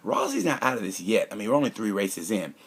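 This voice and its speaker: This motorcycle race commentator has a husky, fairly low voice with a sing-song lilt and a quick pace. His review is casual and opinionated, full of rambling and jokes, with occasional conspiratorial whispers.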